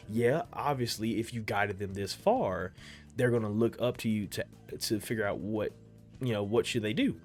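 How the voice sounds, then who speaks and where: A young man with a mid-range voice talks through an anime episode in loose, profane reaction commentary. He circles back over his points and repeats himself, then bursts into loud, high exclamations. Faint music plays behind him. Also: moderate pace. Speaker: anime reaction video creator.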